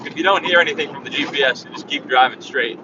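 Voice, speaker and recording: A man's voice: mid-range voice, fast talker. Rambling man vlogging from a noisy van. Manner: rambling, filler-heavy, flat tone. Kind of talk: casual chat while driving. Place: inside a moving vehicle on a highway. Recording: distant, dull sound with loud road noise.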